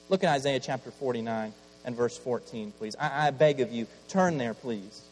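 A man preaching a sermon while battling a cold, swinging from loud impassioned pleading to hushed, quiet passages. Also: mid-range voice, normal speed, hardly any pauses. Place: church. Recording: long hall reverb, faint mains hum.

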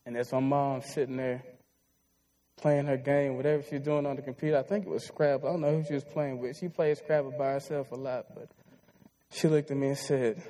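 A man's voice: on the high side, fairly even intonation, normal speed, dark tone, rough recording. A man in his twenties preaching a sermon, telling a heartfelt personal story in an earnest way. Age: 20s.

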